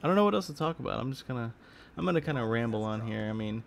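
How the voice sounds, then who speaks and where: A man's voice: mid-range voice, expressive, very fast, creaky. A tired young man from Texas, rambling casually about his gaming videos with lots of fillers and restarts. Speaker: gaming YouTuber. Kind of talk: rambling casual vlog talk. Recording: faint background noise.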